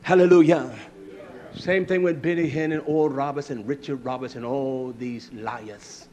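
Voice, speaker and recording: A man preaching a fiery sermon, swinging from loud shouting to hushed near-whispers. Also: mid-range voice, fairly even intonation, normal speed, lo-fi sound.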